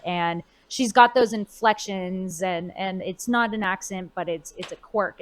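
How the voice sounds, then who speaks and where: A woman's voice: medium pitch, low-quality recording. A woman in her twenties, a voice actor chatting expressively in a convention interview, with fillers and restarts. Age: 20s. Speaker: voice actor guest.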